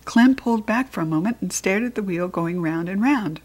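Woman narrator for a children's audiobook, animated and playful, mid-range voice. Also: mid-range voice, a little fast. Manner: lively, expressive, playful. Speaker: audiobook reader. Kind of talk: first-person storybook narration.

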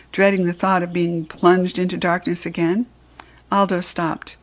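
A woman's voice: on the low side, steady tone, moderate pace. Woman reading a children's storybook. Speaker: narrator. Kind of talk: storybook read-aloud.

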